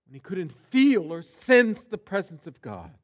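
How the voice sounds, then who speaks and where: A man preaching at a slow, measured pace in a fairly high voice. He leans hard on single words and swings from hushed to loud, as a pastor does in a sermon. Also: wildly swooping pitch. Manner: deliberate, stresses single words.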